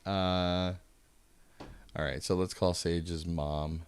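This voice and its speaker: A man's voice: low voice, fairly even intonation, takes it slowly, clear, resonant tone. A man with a Long Island accent hosting a casual prank-call stream, rambling, swearing and laughing often.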